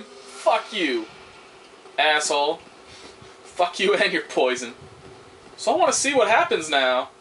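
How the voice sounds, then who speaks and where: A young man with a high, bright, sharp voice talks through a video game in a loose, rambling way. He grumbles and swears in frustration. Faint game sound hums behind him. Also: very animated, a little slow, pauses often, slight background noise. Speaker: gameplay commentator. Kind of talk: casual let's-play commentary.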